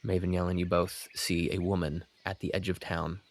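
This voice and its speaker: A man with a very deep voice runs a tabletop game as its game master. He narrates the journey in a steady, descriptive way. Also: moderate pace.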